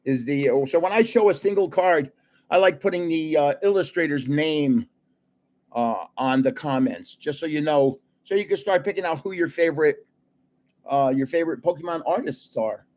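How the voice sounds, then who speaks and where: An older man hosts a trading card live stream in a loose, chatty way. He tells stories with plenty of laughs and keeps talking to his viewers. His voice sits a little on the high side for a man. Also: normal speed, a little mellow. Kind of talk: casual live-stream chat and storytelling.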